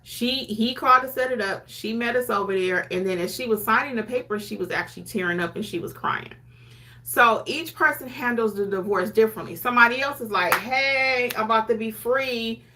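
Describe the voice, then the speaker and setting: A woman's voice: fairly high pitch, fairly quick, sharp tone. A woman notary educator talking casually to camera, chatty and conversational. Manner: chatty, conversational, acts out clients' lines. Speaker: notary educator and YouTube host. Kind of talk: casual teaching talk to camera.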